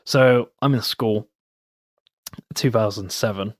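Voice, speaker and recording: A young man talks on a podcast in a loose, relaxed way, spinning a long story. His voice sits low. The recording is dry and close, with no room sound. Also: slow pace, no echo. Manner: relaxed storyteller, acts out his friends' lines. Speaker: guest. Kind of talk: casual chat.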